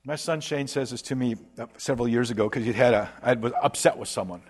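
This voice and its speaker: Casual, animated male preacher. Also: medium pitch, husky. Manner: casual and animated, slangy asides like "dude"; voices imagined speakers in quick asides. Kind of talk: sermon.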